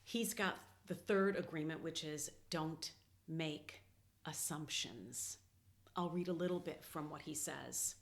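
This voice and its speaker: A woman's voice: sits low, slow. A woman host talking casually, telling a personal story and reading comics aloud in a chatty way.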